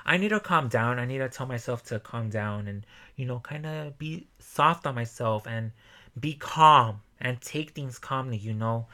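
A young man hosting a motivational podcast alone, swearing a lot and breaking into loud yelling. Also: mid-range voice. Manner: profane, animated, bursts into yelling. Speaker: podcast host.

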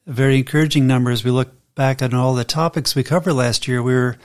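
A man co-hosts a faith podcast in a calm, even-tempered voice at a middling pitch. He reads scripture aloud steadily and explains it in a measured, unhurried teaching manner. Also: clear, resonant tone. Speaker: podcast co-host and Bible teacher. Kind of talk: casual faith podcast chat.

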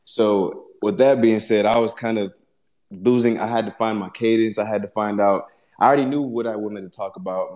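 A man, a guest musician, talking casually about his music in a reflective, halting way. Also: on the low side, a little mellow. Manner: reflective, halting, searching for words. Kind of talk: casual conversation.

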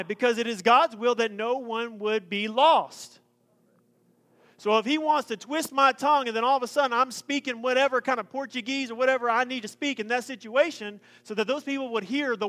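A man preaching a sermon, joking and lively in his asides. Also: extremely high pitch. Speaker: pastor.

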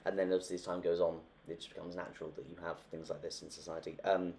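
Chatty and fond of voicing the characters he quotes, this young podcast co-host tells stories on a casual book show. He talks fast in a deep, creaky, darkish voice with flat delivery, and there's a little hiss or hum in the recording.

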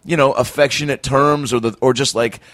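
A man's voice: mid-range voice, steady tone, brisk, a bit bright, dry recording. A man hosting a podcast who talks in loose, rambling sentences and laughs often. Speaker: podcast host. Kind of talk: casual podcast chat.

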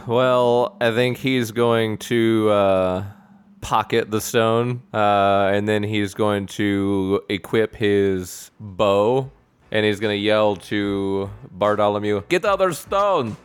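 A man's voice: fairly low pitch, level tone, takes it slowly, clean tone. A man playing a tabletop game, casual and jokey with crude humor. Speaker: player.

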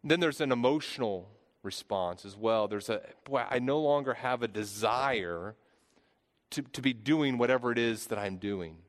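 A man's voice: medium pitch, moderate pace. Man, thirties, pastor, sermon, earnest, repeats words, long hall reverb.

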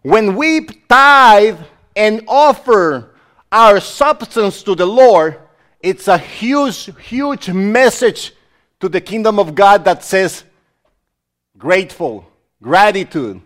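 A man's voice: high-pitched, expressive, slow pace, a bit bright. A male pastor preaching a sermon in an emphatic, exclamatory way and speaking directly to the congregation.

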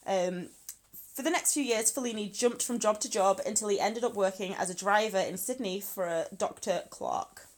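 A woman's voice: mid-range voice, moderate pace. A woman co-hosting a podcast, telling a true crime story in a chatty way, swearing freely and laughing often. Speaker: podcast co-host. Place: lives in Scotland.

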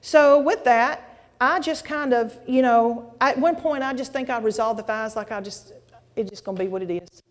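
A woman preaching a testimony sermon to a congregation, folksy and animated, with exclamations and asides. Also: fairly high pitch, normal speed. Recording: long hall reverb.

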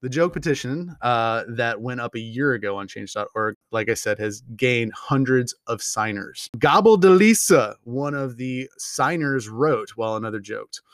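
A man's voice: mid-range voice, expressive, normal speed, hardly any pauses, dry recording, studio quality. A man hosting a podcast, reading odd news stories aloud and riffing on them with jokes and heavy swearing. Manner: profane, joking, rambling. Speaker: podcast host. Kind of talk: casual news commentary.

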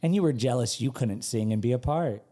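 A man from North Carolina co-hosting a podcast, chatting casually and telling stories with quick asides. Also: medium pitch. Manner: animated storyteller, quick asides. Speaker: podcast co-host. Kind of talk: casual chat.

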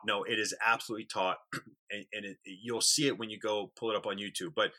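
Podcast co-host, male, lowish voice with a sharp, tense edge, earnest and halting. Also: steady tone. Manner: earnest, repeats words when starting sentences. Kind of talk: casual conversational storytelling.

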